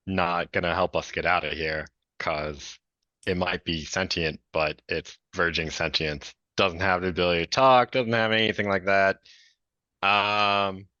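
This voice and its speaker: Low-voiced male player with a crisp, bright tone, measured, on a dry lo-fi mic. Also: dry recording. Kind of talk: tabletop game play.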